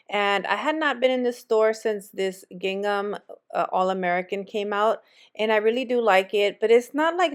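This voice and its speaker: A woman's voice: mid-range voice, clean tone. A woman vlogger chatting casually with viewers as she walks through a shop and shows them what's on the shelves. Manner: chatty, friendly, addresses viewers as friends. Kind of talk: casual store walk-through chat. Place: retail store.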